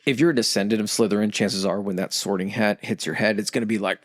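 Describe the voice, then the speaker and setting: A man's voice: fairly low pitch, steady tone, fast, no room sound, clean studio sound. Casual, profane podcast man. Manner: rambling, profane, acts out quoted characters. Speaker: podcast co-host explaining history.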